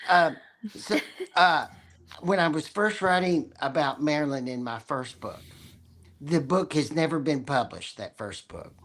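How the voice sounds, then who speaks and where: An older man with a West Texas accent and a slightly raspy voice, a guest author chatting wryly on a podcast. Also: a little high, lively intonation, a little slow, a bit bright. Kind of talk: casual chat.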